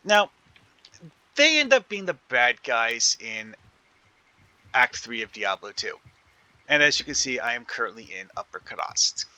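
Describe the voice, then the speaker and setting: A man's voice: medium pitch, sing-song, unhurried, long pauses, pushed and bright, no echo. A man giving casual commentary while playing a video game, rambling and thinking aloud with many fillers and restarts. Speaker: gaming video creator.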